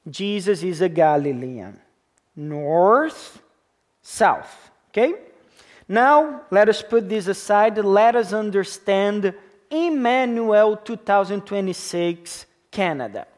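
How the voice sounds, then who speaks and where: Slow, emphatic preacher in his thirties. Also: sits high, expressive, a little mellow. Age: 30s. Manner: emphatic, repeats key words, checks in with the congregation; speaks English as a second language with a foreign accent. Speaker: pastor. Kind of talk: sermon.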